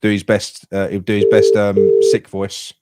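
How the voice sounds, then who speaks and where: A man's voice: on the low side, monotone, a little slow, very noisy. A man hosting a casual football podcast, rambling and restarting his sentences. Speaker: podcast host.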